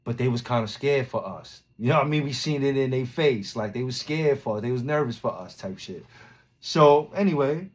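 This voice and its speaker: A man from Brooklyn, hosting a podcast and telling a story in a casual, slang-heavy way, acting out loud quotes as he goes. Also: mid-range voice, animated, moderate pace. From Brooklyn, New York. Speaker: podcast host.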